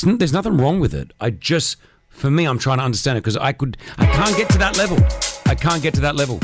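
Animated male radio host. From partly Lebanese. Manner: animated, mimics whiny voices with big pitch jumps. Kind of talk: casual radio call-in chat.

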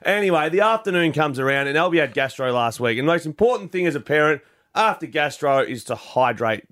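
A man's voice: on the high side, expressive, brisk, a bit bright. Australian man telling a self-mocking story. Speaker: radio host. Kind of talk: casual chat.

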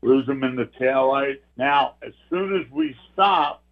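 A man's voice: medium pitch, steady tone, a little slow. Older New man telling a tale, phone line. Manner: earnest, vivid storytelling. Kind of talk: telling a personal ghost story.

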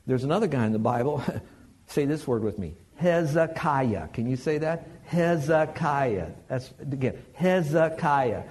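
A man preaching a sermon in a conversational, animated way, joking with the congregation. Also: mid-range voice, fairly quick, a little hiss or hum.

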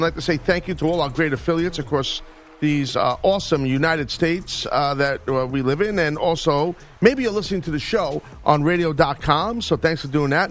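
A man's voice: a little high, fairly bright tone. A man hosting a sports radio show, joking and boasting in casual banter on a studio microphone.

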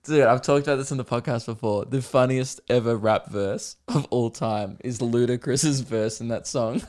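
Man, young adult, comedy podcast host, animated storytelling, frequent laughter. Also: mid-range voice, normal speed.

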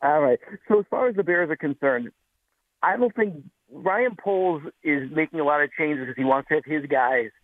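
Man, radio caller, out of breath, chatty, tinny phone line, slightly high voice. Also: normal speed. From Chicago area. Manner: chatty, laughs easily.

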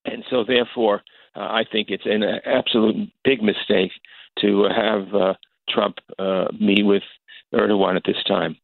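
An older man, a congressman, answering interview questions over the phone, halting with many fillers and restarts. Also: fairly low pitch, level tone, vocal fry, no echo. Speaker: congressman guest. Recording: tinny phone line.

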